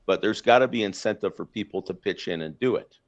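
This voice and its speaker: A man's voice: lowish voice, a little fast. A Canadian man hosting a podcast, ranting bluntly in casual political chat with lots of fillers and restarts. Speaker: podcast host. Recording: slightly dull lo-fi sound.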